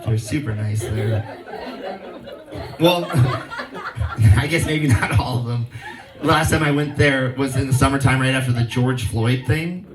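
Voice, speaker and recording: Here the Hawaiian comic speaks in a mid-range voice at a measured pace, leaving long pauses. On stage at an outdoor venue with a crowd, he tells easygoing stories and acts out quoted characters in raised voices. The distant, off-mic recording echoes, and the audience is audible.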